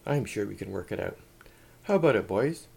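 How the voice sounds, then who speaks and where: A man's voice: fairly low pitch, animated, fairly quick, vocal fry, darkish tone, breathy edge, exaggerated voice. A man voicing a bossy older country schoolmistress who talks in a folksy, commanding way.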